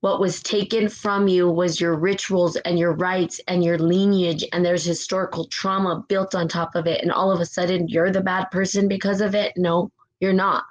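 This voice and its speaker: A woman hosts a spiritual live stream, giving a fervent, emotional motivational talk while reading viewer comments; she's close to tears, repeats phrases, and keeps asking "right?". Her fairly low voice has little pitch movement, a moderate pace, and few pauses, on a low-quality recording.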